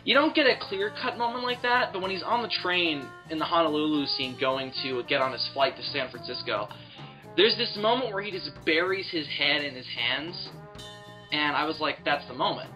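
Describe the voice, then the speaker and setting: A woman co-hosting a casual movie chat, animated and opinionated, with frequent fillers. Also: low-pitched, normal speed, soft background music, poor audio. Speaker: podcast co-host.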